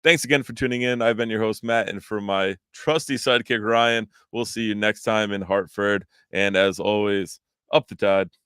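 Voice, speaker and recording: A man hosting a casual soccer podcast from a spare room at home, relaxed and rambling with fillers. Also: on the low side, normal speed, hardly any pauses, clear, resonant tone, no echo, studio quality. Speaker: podcast host.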